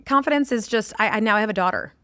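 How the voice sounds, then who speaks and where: A woman's voice: medium pitch, expressive, fast talker, bright, forceful tone, dry recording, studio quality. A woman in her forties, a podcast guest in casual chat, talking candidly, swearing freely and laughing often.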